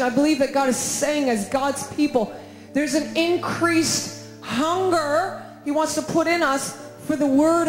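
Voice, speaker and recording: A woman with a high voice delivers a fervent sermon and prayer from a conference stage. Her words ring out through a roomy, echoing hall with soft music underneath. She leans on repeated, emphatic phrases. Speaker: conference speaker. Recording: echoey hall with faint music.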